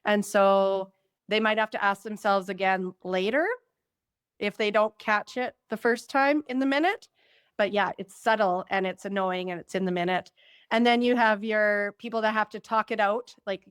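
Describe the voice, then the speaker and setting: A woman guest on a podcast who explains a personality system in a talkative, lively way and acts out quoted reactions. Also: medium pitch, clear, resonant tone, no echo, studio quality. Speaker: Human Design guide.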